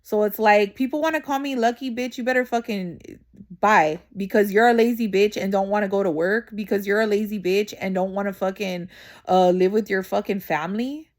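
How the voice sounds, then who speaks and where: A woman's voice: mid-range voice, brisk. A young adult woman vlogging straight to camera in a casual venting monologue, blunt and profane, full of slang and constant "you know what I'm saying" asides.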